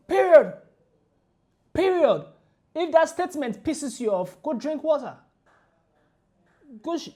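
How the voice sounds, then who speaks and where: A woman with a medium-pitched voice rants through a reaction video, hammering her points home again and again in an emphatic, indignant way.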